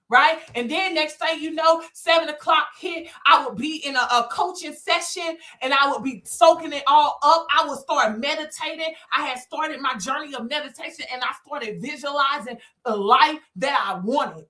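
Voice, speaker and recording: Woman, 30s; high, bright, punchy motivational storyteller who talks straight to "y'all.". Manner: emphatic, repeats phrases, addresses listeners as y'all. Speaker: business coach and speaker. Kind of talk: motivational testimony to viewers.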